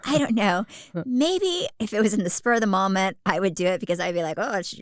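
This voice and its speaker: A woman's voice: mid-range voice, animated, a little fast, no echo, clean studio sound. A woman co-hosting a podcast, chatting casually, rambling through asides and laughing often. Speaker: podcast co-host. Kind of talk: casual chat.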